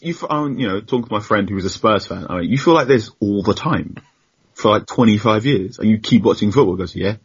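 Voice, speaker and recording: A man's voice: on the low side, animated, a little fast, slightly rough, highs cut off. A young man, a football journalist as a guest, telling rambling, self-deprecating stories with frequent laughs. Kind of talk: casual storytelling interview.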